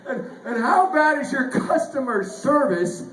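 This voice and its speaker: A man's voice: extremely high pitch, expressive, slow, a bit bright. A man from Northern Ireland doing a stand-up set on a club stage, chuckling through his lines and acting out his stories. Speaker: stand-up comedian. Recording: echoey club, faint noise.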